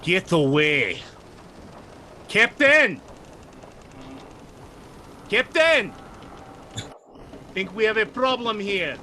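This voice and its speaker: A man's voice: fairly high pitch, animated, normal speed, sharp tone, slight background noise. A man voicing an irritated male sailor of about thirty who snarls and brushes people off. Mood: alarmed. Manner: snarling, dismissive.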